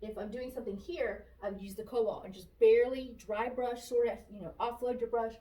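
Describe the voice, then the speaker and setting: A woman's voice: a little high, a little fast. Woman painting furniture, echoey and distant. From Florida, USA. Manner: relaxed, talks through each brush stroke, repeats phrases. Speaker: furniture painter demonstrating technique. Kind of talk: casual how-to narration while working. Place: shop workspace.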